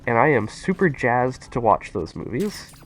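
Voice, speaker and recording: A young man chatting casually and excitedly with his viewers while playing a game on a live stream. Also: medium pitch, a little slow, soft background music. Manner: excitable, rambling, talks to chat.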